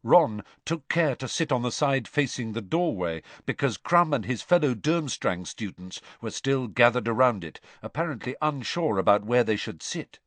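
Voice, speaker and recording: Expressive male audiobook narrator. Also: medium pitch, no room sound. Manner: expressive, measured storytelling. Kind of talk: scripted narration.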